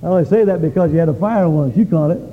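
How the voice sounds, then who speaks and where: A male pastor preaching a sermon, telling stories with lively swings from quiet to shouting. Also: a little high, fast talker, slight background noise. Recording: dull lo-fi sound.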